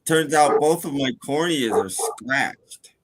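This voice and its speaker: A man in a casual live stream chat, telling jokes in an animated way, with stumbling restarts. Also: medium pitch, slow, heavy background noise.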